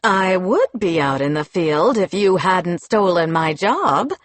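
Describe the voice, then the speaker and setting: A venomous, scheming female official, voiced by a woman narrator in a storybook, spitting her words through gritted teeth. She speaks slowly and deliberately, recorded close and dry. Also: fairly high pitch, sing-song, no echo, full character voice. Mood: seething.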